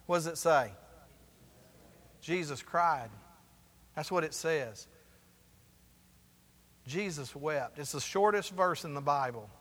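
A man's voice: on the high side, lively intonation, takes it slowly, long pauses, fairly bright tone, big-room sound. A man, the pastor, preaching a sermon and asking the congregation for responses as he goes. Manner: preaching with call-and-response asides.

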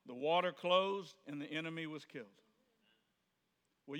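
Guy preaching in church, bright ringing voice, kinda high, long echo around him. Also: normal speed, pauses often, slight background noise. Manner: conversational, plays out quoted voices, rises to sudden shouts. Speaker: pastor. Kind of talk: sermon. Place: church sanctuary.

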